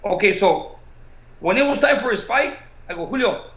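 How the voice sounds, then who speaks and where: A man, a boxing coach and co-host, telling an animated story and slipping between English and Spanish. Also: high-pitched, normal speed. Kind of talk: casual storytelling. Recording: echoey room, dull lo-fi sound.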